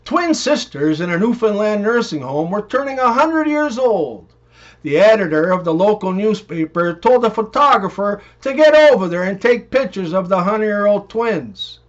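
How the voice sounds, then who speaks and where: A man reading one-liners and joke stories in an even, unhurried way. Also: high voice. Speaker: joke narrator. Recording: dull, muffled recording.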